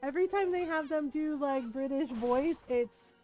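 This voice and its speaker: A woman's voice: high voice, moderate pace, darkish tone. Chatty, laughing woman streamer. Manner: chatty, rambling, laughs often. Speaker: game streamer. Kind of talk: casual live-stream commentary.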